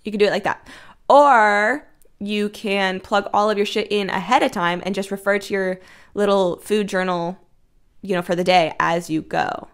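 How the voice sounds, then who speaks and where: A woman's voice: medium pitch, fairly even intonation, normal speed, clean tone. A young woman hosting a casual solo fitness podcast, blunt and breezy, swearing freely. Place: Washington.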